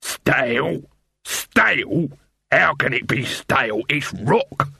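A man voicing a shifty middle-aged street food hawker with drawn-out, wheedling sales patter. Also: mid-range voice, gravelly, pushed and bright, no echo, clean studio sound, full character voice. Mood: hawking loudly.

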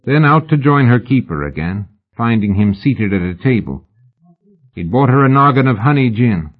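A man reading a novel aloud in a measured, even audiobook narration. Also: medium pitch. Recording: phone-like narrow band.

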